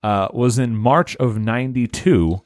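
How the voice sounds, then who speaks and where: A man's voice: mid-range voice, no room sound, studio quality. A man hosting a casual comedy podcast, joking around and filling gaps with lots of "uh". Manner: animated, joking, halting with many fillers. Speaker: podcast host.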